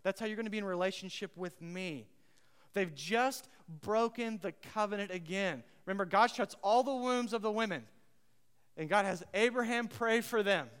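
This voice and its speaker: A man preaching a sermon as pastor, emphatic and repeating his key phrases, swinging between loud and hushed, and putting questions to the congregation. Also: sits high, moderate pace, clear, resonant tone, in a large hall.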